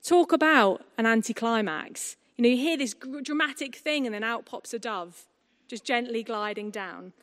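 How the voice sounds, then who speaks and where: A woman preaching a sermon at a baptism service, conversational and lively, with humorous asides to the congregation. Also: a little high, moderate pace. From England. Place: church hall. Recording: long hall reverb.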